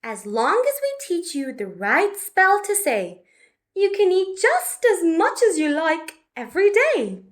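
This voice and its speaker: A woman's voice: extremely high pitch, very animated, a little slow, voice pushed up, full character voice. A woman voicing a brave, clever young girl in a storybook reading, eager and sing-song. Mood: pleading.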